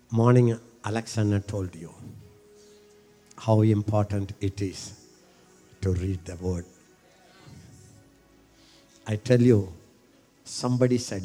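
A middle-aged man preaching a sermon. He repeats his phrases and builds from quiet talk to shouting. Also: on the low side, steady tone, slow, pauses often, long reverb tail, faint music behind.

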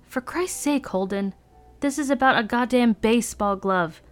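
A woman's voice: medium pitch, fairly quick, faint music behind, natural voice. A woman reading aloud and voicing an arrogant, irritable teenage boy roommate with sneering, exasperated outbursts. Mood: angry.

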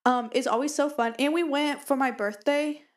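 A woman's voice: sits high, steady tone, normal speed. Bubbly young woman, rambling podcast chat. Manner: bubbly, rambling, addresses listeners as "you guys". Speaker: podcast co-host. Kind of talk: casual chat. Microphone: studio mic with pop filter.

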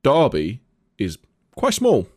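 A man with a Nottingham accent talks in a loose, sweary, animated way. His voice sits at an ordinary pitch. It is recorded close and dry, with no room sound. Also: slow pace, husky, no room sound. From Nottingham, England. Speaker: podcast co-host and gigging musician. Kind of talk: casual chat.

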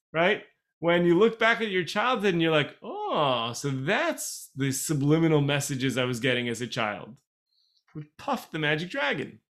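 Higher-voiced man teaching an online class. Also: fairly bright tone. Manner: explanatory, repeats key phrases, chatty asides. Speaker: Torah teacher.

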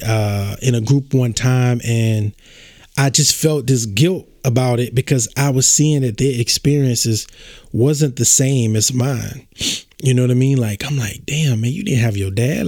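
A man's voice: mid-range voice, fairly even intonation, measured pace, darkish tone, dry recording, studio quality. A young adult man hosting a podcast, telling a personal story in a casual, emotional way, talking to listeners as y'all and often restarting his sentences. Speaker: podcast host.

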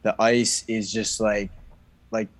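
A man who plays hockey, talking in a casual chat, halting with lots of fillers. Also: fairly low pitch, little pitch movement, no room sound, rough recording. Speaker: guest, hockey player.

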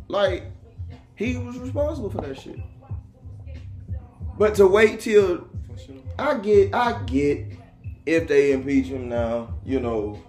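A man hosts a casual podcast chat, animated and joking, his voice swinging up and down. The room is echoey and music plays underneath him. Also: on the high side. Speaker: podcast host.

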